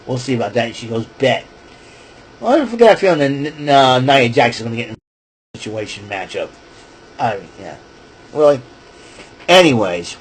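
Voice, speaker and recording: Husky-voiced man rambling through a recap. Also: medium pitch, normal speed, long pauses, poor audio. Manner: excitable, self-correcting, chatty asides. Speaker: wrestling recap vlogger. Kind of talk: casual rambling show recap.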